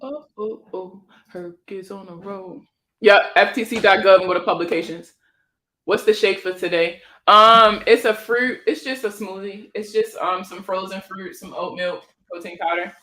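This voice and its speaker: A woman's voice: mid-range voice, normal speed, bright, forceful tone, low-quality recording. A woman in her thirties with a Prince George's County, Maryland accent, hosting a casual credit advice livestream, chatty and joking with frequent laughter. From Maryland, USA.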